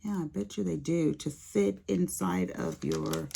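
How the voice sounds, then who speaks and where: A woman's voice: fairly low pitch, measured pace, creaky, noisy background. A middle-aged woman chatting casually to her viewers while unboxing craft supplies, calling them honey. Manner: chatty, calls viewers honey, Southern-tinged slang. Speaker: craft vlogger.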